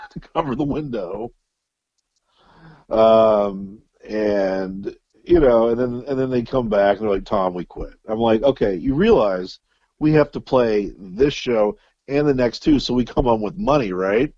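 A man's voice: medium pitch, a little mellow, no room sound, highs cut off. Rambling, cursing man telling a story. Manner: profane, rambling with fillers and restarts. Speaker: guest musician. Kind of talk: casual storytelling.

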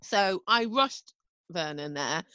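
A woman's voice: lowish voice, expressive, takes it slowly, sharp tone, no room sound, muffled recording. A woman, co-hosting a casual chat and telling stories in a chatty, self-mocking way, with the odd casual swear. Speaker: podcast co-host.

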